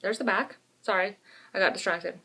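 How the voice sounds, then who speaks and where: This podcast co-host is a woman whose mid-range voice is slightly rough and moves at normal speed. Her casual chat is frank and self-mocking, and she tells stories in a chatty, animated way.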